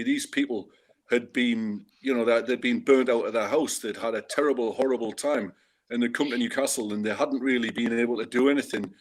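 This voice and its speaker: Chatty man telling a wry story. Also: medium pitch. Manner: chatty, digressive, wry humour. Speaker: guest fan and food bank organizer. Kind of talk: casual anecdotal storytelling.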